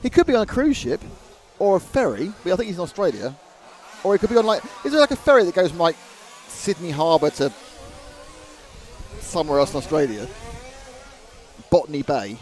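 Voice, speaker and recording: A man's voice: a little high, big pitch swings, a little fast, long pauses, a little mellow. A man commentating a live model car race, joking and reading viewer comments aloud. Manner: jokey, chatty, reads viewer comments aloud.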